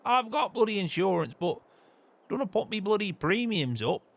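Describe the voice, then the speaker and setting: A man's voice: high-pitched, sing-song, normal speed, creaky, fairly bright tone, heavily acted. A man playing a grumpy farmer in a game role-play, grumbling and swearing constantly. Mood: complaining. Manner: grumbling, peppers every line with swearing.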